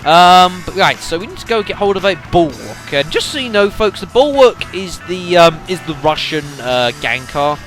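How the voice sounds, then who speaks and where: A man narrates his gameplay in a loose, rambling way, full of fillers and asides to his viewers. His voice sits a little high, with a bright, forceful edge and a very animated pitch. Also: moderate pace, hardly any pauses, faint music behind. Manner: rambling, filler-heavy, keeps addressing the audience as folks. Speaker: let's play commentator. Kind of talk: casual gameplay commentary.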